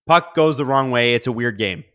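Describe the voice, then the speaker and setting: Male streamer host, bright edgy tone, excitable play-by-play reactions between quiet mutters. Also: medium pitch, moderate pace, clear, resonant tone. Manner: excitable, swings from mumbled asides to loud outbursts. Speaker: live-stream watch-along host. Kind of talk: live game reaction and chat reading.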